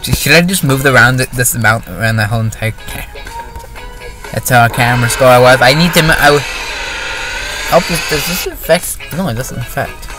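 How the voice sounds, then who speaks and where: A man's voice: medium pitch, moderate pace. A man giving casual let's-play commentary on a driving game, rambling and cutting himself off mid-sentence. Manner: rambling, self-interrupting, giggly. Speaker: gaming channel host. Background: game music.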